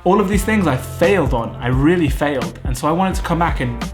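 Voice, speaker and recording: A man's voice: on the high side, animated, brisk, soft background music. A British man in his thirties, vlogging to camera in an earnest, self-critical way, thinking aloud at home. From United Kingdom. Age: 30s. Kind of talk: candid reflective vlog talk to camera.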